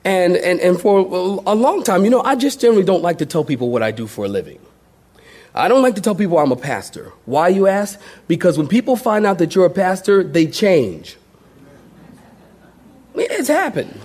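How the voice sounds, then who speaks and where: A middle-aged man delivers a sermon in a notably high voice. He preaches conversationally and acts out the people in his stories with playful impressions. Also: very animated, normal speed, darkish tone. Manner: storytelling with playful impressions and laughter. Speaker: pastor.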